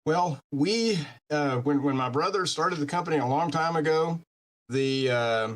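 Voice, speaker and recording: A man answering as an interview guest, talking in a hesitant, halting way with many fillers. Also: a little high. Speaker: guest, gun company owner.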